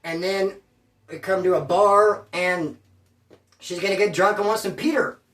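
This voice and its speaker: A man's voice: high voice, measured pace, a bit bright, echoey room, distant mic. A man telling a story from his past in casual, profane street slang, rambling and repeating himself.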